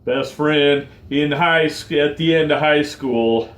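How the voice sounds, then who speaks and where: Choked-up man in slow confession. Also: a little high, fairly bright tone, roomy sound. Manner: slow, halting, heartfelt. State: choked up, tearful. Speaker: vlogger. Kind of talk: confessional personal vlog.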